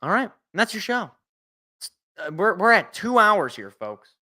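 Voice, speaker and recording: A man's voice: sits high, very animated, a little slow, pushed and bright. A man hosting a sports talk show, opinionated and rattling off game picks, his voice worn after a long show. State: tired, voice worn. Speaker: sports podcast host.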